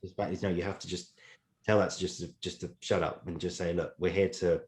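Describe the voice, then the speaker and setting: A man with a very low, deep voice hosting a podcast. He rambles casually with many fillers and chuckles between his points. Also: steady tone, brisk. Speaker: podcast host. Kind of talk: casual interview chat.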